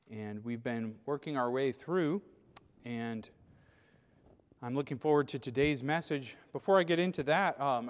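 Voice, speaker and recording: A male pastor speaks at an ordinary pitch in a relaxed, conversational sermon, with plenty of "um"s along the way. When he reads scripture, he lifts his voice and gives it more weight. The sound trails off into the long reverb of a church hall. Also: clean tone. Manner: conversational, with filler words, rising for scripture reading. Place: church sanctuary.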